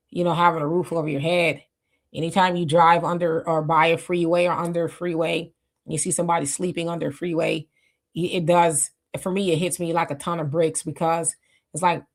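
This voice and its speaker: Woman, low-pitched, middle-aged, livestream host, casual chat, dry-mouthed, lots of fillers. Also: flat delivery, a little fast, vocal fry. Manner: loose, conversational, reflective, with frequent fillers and restarts. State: dry-mouthed and thirsty while fasting. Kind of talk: casual live talk.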